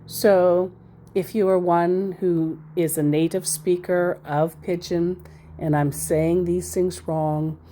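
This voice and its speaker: A woman's voice: lowish voice, warm tone. A woman giving casual, sarcastic commentary as she reads out messages from scammers, rambling into asides. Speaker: scambaiter reading scam chats.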